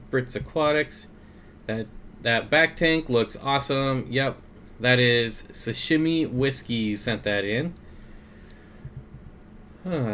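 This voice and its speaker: A man's voice: mid-range voice, a bit bright, slight background noise. A young man hosting a casual aquarium livestream, greeting viewers by name and reading their comments with frequent chuckles. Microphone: desk mic.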